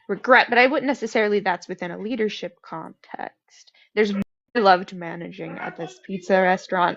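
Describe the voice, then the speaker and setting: Young woman chatting, lots of likes and ums, raspy fry in her voice, muffled lo-fi sound. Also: medium pitch, no room sound. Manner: animated storytelling, many fillers. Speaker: guest. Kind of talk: casual conversation. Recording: dry, dull lo-fi sound.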